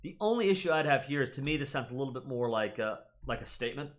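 Young American male host, casual explainer, teacherly, expressive pitch, mid-range voice. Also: fast. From United States. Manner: teacherly, checks in with "right?". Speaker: gaming channel host.

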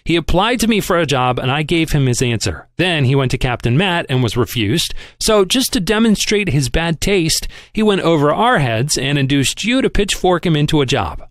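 A man's voice: a little high, big pitch swings, normal speed, few pauses, no room sound, clean studio sound. A man voicing a stiff, humorless office manager who complains with cold dignity, in an audiobook reading. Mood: defiant.

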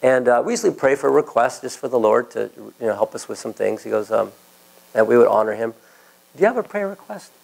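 A man's voice: medium pitch, lively intonation, fairly quick, gravelly, a little mellow, rough recording. A male pastor preaching a sermon, telling personal stories and acting out the voices of the people in them. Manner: storytelling, acts out quoted voices.

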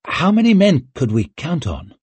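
A man's voice: on the high side, huge pitch swings, normal speed, a little mellow, slightly rough, dry recording, pitched above the performer's own voice, full character voice. A man voicing a brash young male lord and war hero, blunt and boastful.

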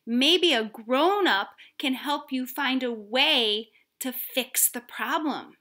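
A woman teaching preschoolers about feelings, patient and coaxing, asking the children questions. She often drops into a soft whisper and then comes back with gentle emphasis. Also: high voice, lively intonation, takes it slowly, few pauses. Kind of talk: gentle lesson for young children.

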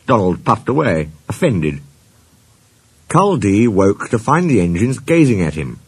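A man narrating a children's storybook at a measured, slow pace. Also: lowish voice, very animated, a little mellow, breathy edge. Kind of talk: storybook reading.

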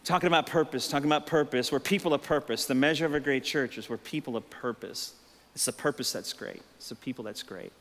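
A middle-aged Texan man, a pastor, preaching a sermon and telling stories, swinging between low, relaxed storytelling and emphatic, raised peaks. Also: a little fast. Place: church sanctuary. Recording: reverberant church hall.

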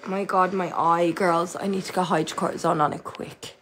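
A woman's voice: on the low side, little pitch movement, a little fast, fairly bright tone, a little hiss or hum. A young woman casually chatting to her viewers while she plays a game, swearing freely and shrieking when things go wrong. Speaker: livestreamer. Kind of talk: casual gaming livestream chat.

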